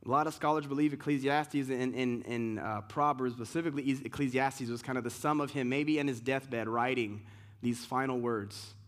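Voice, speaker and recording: A man's voice: mid-range voice, steady tone, normal speed. A man preaching a sermon as pastor, asking rhetorical questions and mixing emphatic lines with casual asides.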